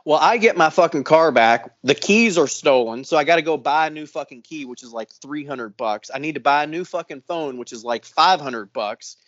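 A man with a slightly high voice spins a rambling story in casual podcast chat, with swearing in nearly every line. The sound is dry and close. It is also somewhat muffled and lo-fi. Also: normal speed, few pauses, dry recording. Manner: profane, animated storytelling. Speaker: podcast co-host.

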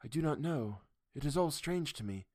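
A hushed, faraway young woman in a trance, as a male reader lifts his voice for her. She speaks in a quiet, dreamy tone with an urgent edge, clearly higher than the narration, in a dry, close audiobook recording. The sound carries no room echo. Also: lively intonation, fairly quick, lightly acted. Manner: soft, dreamy and distant. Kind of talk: audiobook reading.

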